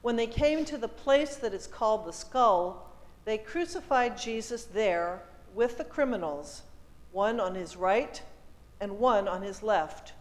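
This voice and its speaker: A woman reading scripture aloud as the lector at a service, slow and deliberate. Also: medium pitch, lively intonation, in a large hall, poor audio.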